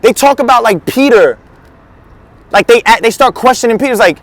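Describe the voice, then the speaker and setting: A man's voice: extremely high pitch, lively intonation, normal speed, no echo. A male teaching pastor giving a casual, slangy sermon, acting out the quotes he tells. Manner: slangy, conversational, acts out quotes.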